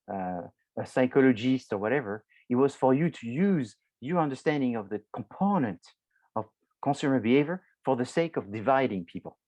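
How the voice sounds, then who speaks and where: A man's voice: mid-range voice, darkish tone, dry recording, muffled recording. A man lecturing a university marketing class, explaining loosely with many restarts and filler words, addressing students directly.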